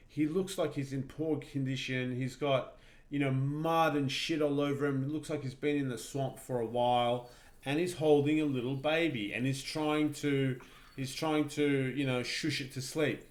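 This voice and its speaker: A man narrating a tabletop game as game master, rambling through his descriptions with halting restarts. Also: medium pitch, roomy sound.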